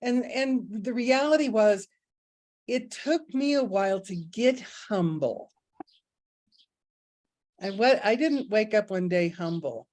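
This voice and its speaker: A middle-aged woman talks frankly and mocks herself, telling personal stories in a loose, conversational way. Her voice sits at an ordinary middle pitch for a woman, and she often breaks into laughter. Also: lively intonation, slow pace, pauses often, a little mellow. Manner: candid, self-mocking, laughs often. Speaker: spiritual teacher. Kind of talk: casual spiritual talk with storytelling.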